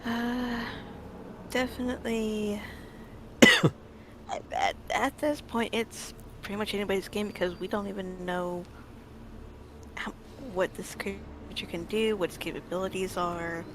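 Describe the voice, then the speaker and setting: A woman player thinking aloud about the game, pausing often between phrases. A clear hiss runs through her home voice chat line. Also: medium pitch. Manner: halting, thoughtful. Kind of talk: casual chat.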